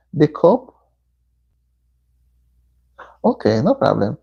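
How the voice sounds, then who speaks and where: A Jamaican woman chats on her home livestream, greeting viewers and giving them motherly advice. Her pitch swings widely and her voice sounds mellow and warm. The audio is slightly dull and lo-fi. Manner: chatty, reads and answers viewer comments, motherly advice. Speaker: livestream host. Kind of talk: casual live-stream chat. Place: indoor room at home.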